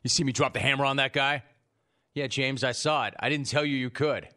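A man's voice: mid-range voice, fairly quick, sharp tone. A man hosting a sports radio call-in show, ribbing his producer in a teasing, exasperated way. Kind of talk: animated radio talk show banter.

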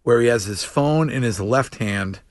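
Guy host rambling with lots of uhs, dry mic, middle pitch. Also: no room sound. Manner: halting, filler-heavy, laughing easily. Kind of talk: casual chat.

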